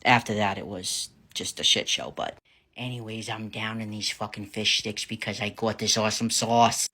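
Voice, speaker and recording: A man from New Hampshire with a New England accent, telling casual storytime tales in a wry, profane way that grows louder and more animated. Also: fairly low pitch, moderate pace, husky. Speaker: vlogger.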